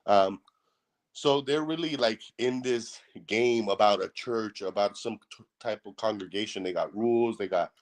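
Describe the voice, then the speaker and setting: Halting low-voiced man, casual chat. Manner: halting, many fillers.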